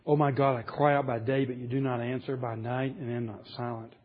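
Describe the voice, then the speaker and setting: A man's voice: medium pitch, flat delivery, fairly quick, narrow, tinny audio. A man preaching a sermon, earnest and rising to emphatic passages as he reads scripture aloud. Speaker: pastor.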